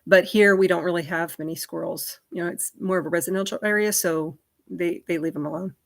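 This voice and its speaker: A woman's voice: fairly low pitch, steady tone, brisk, gravelly. A woman hosting a livestream, chatting in a rambling way and answering viewer comments. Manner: chatty and rambling, many fillers and asides. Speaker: livestream host.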